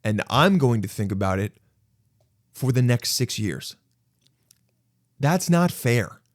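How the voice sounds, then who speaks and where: A man's voice: on the low side, unhurried, no echo, studio quality. A young man hosting a solo podcast, rambling and self-mocking as he acts out imagined conversations. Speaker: podcast host.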